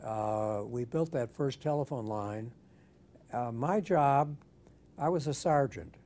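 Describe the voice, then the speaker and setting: An older man being interviewed for an oral history, speaking in a measured, thoughtful way with frequent restarts. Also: medium pitch, a little mellow, a little hiss or hum.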